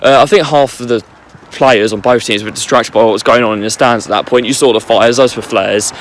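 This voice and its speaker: A young man with a voice going hoarse, recapping a football match in casual rambling chat while walking outside at night. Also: medium pitch, a little fast. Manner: rambling, filler-heavy fan chat. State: losing his voice. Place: walking on a street at night outdoors.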